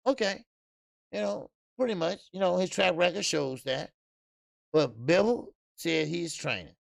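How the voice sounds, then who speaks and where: A man's voice: fairly high pitch, creaky, no room sound, studio quality. A man hosting a boxing channel, ranting in a casual, profane, emphatic way, with many "uh" fillers. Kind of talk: casual boxing commentary rant.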